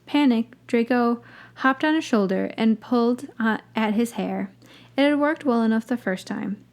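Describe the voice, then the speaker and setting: A woman's voice: on the high side, moderate pace, darkish tone. A woman hosting a podcast, reading a story aloud and breaking off for wry, dry asides. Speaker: podcast host reading fan fiction.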